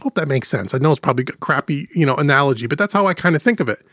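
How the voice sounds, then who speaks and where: A man hosting a podcast, explaining things to beginners in a chatty way and slowing down to stress key points, into a studio microphone. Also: fairly high pitch, expressive, a bit bright, dry recording. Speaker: podcast host teaching audio mixing. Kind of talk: casual podcast teaching. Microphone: studio microphone through gentle compression.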